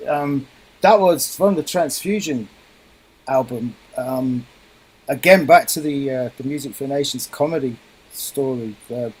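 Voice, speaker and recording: A man's voice: medium pitch, a little slow, a little mellow, breathy edge, poor audio. A middle-aged man, a guest musician, explaining his craft thoughtfully in a radio interview.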